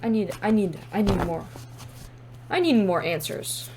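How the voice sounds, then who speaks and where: A woman's voice: mid-range voice, very animated, unhurried, darkish tone, slight background noise. A woman doing a casual tarot card reading to camera, thinking aloud with sassy exclamations and casual swearing. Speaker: tarot reader.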